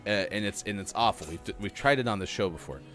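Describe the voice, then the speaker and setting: A man's voice: fairly low pitch, animated, quick pace, fairly bright tone, faint music behind. A middle-aged man hosting a morning radio show, chatting casually and joking while reading out facts. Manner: chatty, jokey, reads facts aloud.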